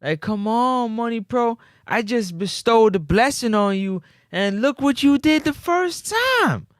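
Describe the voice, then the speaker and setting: A man's voice: very high voice, measured pace, dry recording, clean studio sound. A man hosting a casual sports talk livestream, bantering with his chat. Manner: animated, banters with live chat. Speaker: sports talk show host.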